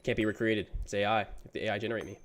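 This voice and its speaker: This gaming streamer, a young man with a lowish, level-toned voice, races through his words while chatting casually. He reads out chat messages and answers them in a chill, slangy manner, dropping "bro" again and again.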